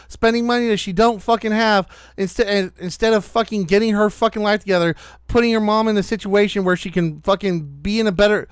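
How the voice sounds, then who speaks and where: A high-pitched man rants with heavy profanity as a podcast host reacting to clips. His voice is smooth and resonant, recorded close and dry. He keeps up a steady stream of angry commentary. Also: no echo. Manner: angry, profane, rapid-fire ranting.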